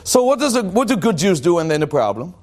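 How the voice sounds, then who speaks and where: Rabbi guy giving a torah class, high voice, jokes around, keeps asking the room stuff. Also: quick pace. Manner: animated, joking, asks the audience questions.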